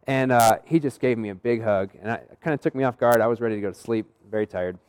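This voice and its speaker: Here the young man's sermon comes at a fast clip in a mid-range voice that is darkish yet clean. He keeps it conversational, telling stories and performing what the people in them said.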